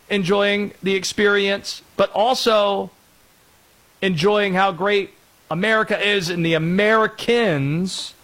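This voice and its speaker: A man hosting a sports talk radio show, joking and lively. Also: sits high. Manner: lively, animated, jokey, breaks into put-on voices.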